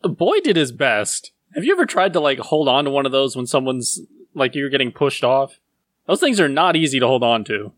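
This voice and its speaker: A man's voice: mid-range voice, very animated, brisk, fairly bright tone, no echo, studio quality. A man co-hosting a podcast, making blunt, exasperated comments in casual chat.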